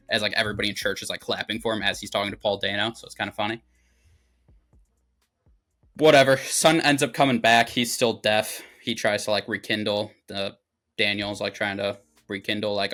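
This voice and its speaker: A young man with a low, bright voice retells a film plot in a loose, rambling way. He leans on fillers like "like" and swears freely, and the talk comes over faint music. He sounds like a casual podcast host. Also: level tone, fairly quick. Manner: rambling, filler-heavy, profane. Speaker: movie review podcast host. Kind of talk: casual movie recap.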